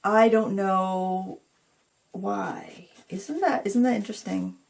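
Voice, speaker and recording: A middle-aged woman talks her way through a painting tutorial, chatty and rambling. She pokes fun at herself and speaks straight to her viewers as she works. Her voice sits at an ordinary middle pitch. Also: slow pace, creaky, darkish tone, a little hiss or hum. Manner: rambling, self-deprecating, talks to viewers while working.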